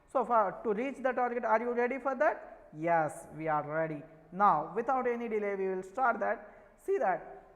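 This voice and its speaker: Speaking at an extremely high pitch, a man with an Indian English accent leads an online maths class, answering his own questions again and again. The sound has a big-room feel and the recording is rough.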